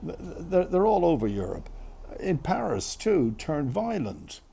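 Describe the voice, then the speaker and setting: A man's voice: on the high side, sing-song, unhurried, vocal fry, mellow, slightly rough. A man hosting a talk broadcast, giving a rambling monologue to his listeners with many restarts and asides.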